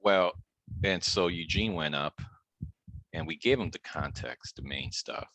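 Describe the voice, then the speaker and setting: A man hosting a group video call, chatting in a relaxed way and laughing as he retells a story. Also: deep voice, a little slow, no room sound. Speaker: host of an online practice group. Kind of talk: casual video-call chat.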